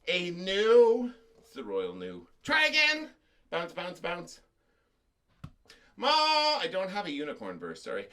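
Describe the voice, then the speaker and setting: A man's voice: sits high, huge pitch swings, slow pace, pauses often, bright, forceful tone. A man teaching a children's music class over a video call, singing action songs and joking playfully with the kids. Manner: playful, sings and chants action songs with jokes for small children.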